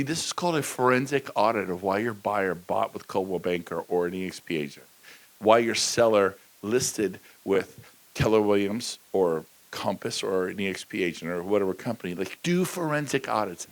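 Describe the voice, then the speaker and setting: A man giving a high-energy motivational talk at a conference, joking with the crowd and slipping into quick impressions of people. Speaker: keynote speaker. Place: large conference hall.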